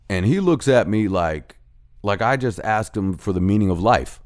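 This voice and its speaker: Profane, animated man ranting. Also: fairly low pitch, moderate pace. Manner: animated, profane, heated ranting with mimicked dialogue. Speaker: host of a rant show. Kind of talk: ranting monologue.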